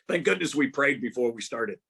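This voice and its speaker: A man's voice: medium pitch, expressive, measured pace, vocal fry, sharp tone, slightly rough. An older man being interviewed as a guest author on a video call, talking in a rambling way with many restarts and fillers. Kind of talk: casual interview about prayer.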